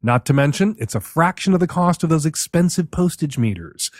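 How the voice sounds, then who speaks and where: A man with a somewhat high voice hosts the show, brisk and emphatic. His sound is dry and close to the mic, and he presses his points with skeptical questions. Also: animated, no room sound. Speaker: host. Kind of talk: host read ad and advice commentary.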